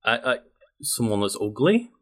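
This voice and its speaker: A man's voice: lowish voice, sing-song, moderate pace, slightly rough. A man co-hosting a casual podcast chat, asking questions and hedging with "I mean". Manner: asks questions, hedges with "I mean". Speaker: podcast co-host.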